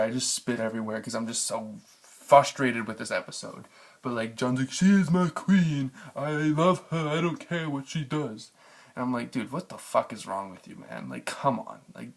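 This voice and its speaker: A man's voice: mid-range voice, vocal fry, fairly bright tone. A man giving a casual spoken review of a TV episode, frustrated and ranting, swearing freely. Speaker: TV show reviewer.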